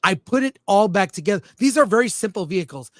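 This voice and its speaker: A man's voice: high-pitched, lively intonation, fast talker, no echo. A man co-hosting a casual livestream film review show, blunt and jokey, reading viewer comments aloud. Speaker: film critic co-host.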